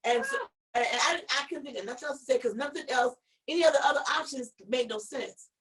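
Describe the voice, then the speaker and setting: Woman, co-host, casual live-stream chat, animated storytelling, repeats words, a bit high-pitched, far from mic. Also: fast talker. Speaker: show co-host.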